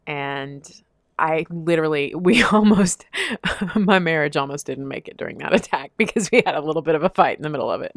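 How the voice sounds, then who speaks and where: A woman telling a long personal story in casual chat, expressive and laughing often. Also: deep voice, fairly quick, no echo, studio quality. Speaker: podcast guest telling a story.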